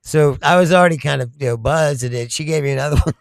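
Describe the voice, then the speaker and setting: A man from Kentucky, chatting casually with his viewers, telling loud stories and laughing often. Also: fairly high pitch, fast, gravelly. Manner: laughing often, loud storytelling with sudden shouts. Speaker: comedian streamer. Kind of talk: casual chat with live chat.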